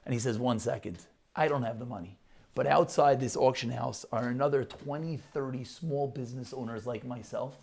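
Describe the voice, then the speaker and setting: A man's voice: mid-range voice, moderate pace, gravelly, darkish tone. A man giving a Torah talk to a live audience, telling stories animatedly and posing rhetorical questions.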